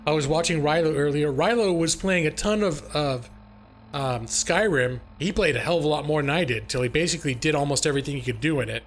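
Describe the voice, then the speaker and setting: A middle-aged man hosts a live gaming stream, chatting casually with viewers by name. He jokes and laughs freely, his voice sitting a little high. A faint hiss of noise sits behind him. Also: a little fast. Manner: joking, laughs often, talks to chat.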